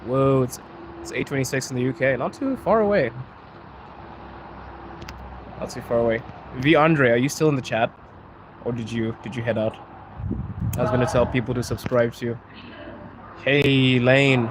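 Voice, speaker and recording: A man's voice: medium pitch, normal speed, long pauses. A young Zimbabwean man live-streaming from a city street, chatting casually with viewers and laughing often. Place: outdoors on a city street by trains. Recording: outdoor street noise.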